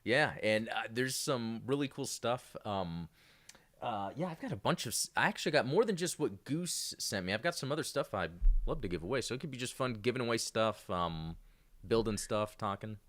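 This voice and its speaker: A man's voice: mid-range voice, expressive, normal speed, fairly bright tone. A man hosting a casual live-streamed podcast, rambling with many fillers and restarts. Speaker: podcast host.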